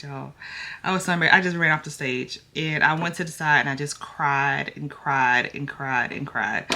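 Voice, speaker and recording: Bright-voiced woman in nervous vlog chat. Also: low voice, slight background noise. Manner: chatty, nervous, acts out both sides of a dialogue. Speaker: vlogger. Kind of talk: casual get-ready-with-me chat.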